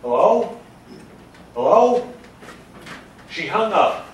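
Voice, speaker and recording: A man performing a flustered, fussy man in a stage comedy, pleading for calm and scolding the others. His voice sits high and bounces around a big echoey hall, caught from far off. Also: extremely slow, slight background noise, full character voice. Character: flustered middle-aged man trying to keep order. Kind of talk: live stage comedy acting. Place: theater stage.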